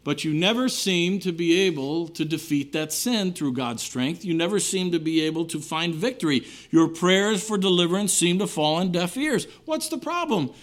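A man preaching a sermon, earnest, rising to emphatic lines and then dropping low and quiet at the ends of phrases. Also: moderate pace, few pauses. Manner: earnest preaching with wide swings between raised and hushed phrases.

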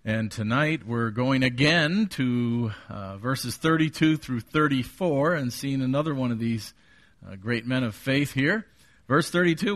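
Middle-aged man, pastor, evening sermon; earnest, personal, measured scripture reading. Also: mid-range voice, fairly bright tone. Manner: earnest preaching, reads scripture slowly and deliberately.

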